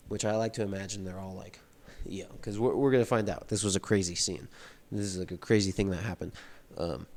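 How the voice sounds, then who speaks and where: A man's voice: lowish voice, darkish tone. Laid-back young man retelling a novel. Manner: laid-back, slangy retelling with lots of fillers. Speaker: book vlogger. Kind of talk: casual book report reading aloud.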